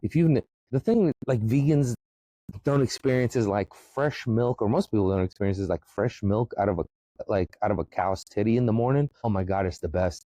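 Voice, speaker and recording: A man from the former Soviet Union, hosting a podcast and delivering a profane, emphatic comedic rant that often jumps into a high excited pitch. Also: a little fast, no echo, poor audio. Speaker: podcast host.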